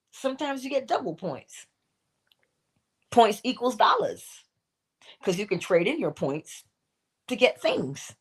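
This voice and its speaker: A woman hosting a morning motivational talk, asking her listeners rhetorical questions and acting out what people say. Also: mid-range voice. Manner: asks rhetorical questions and acts out quoted voices; drops to a whisper at times. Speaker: host of a morning inspiration stream.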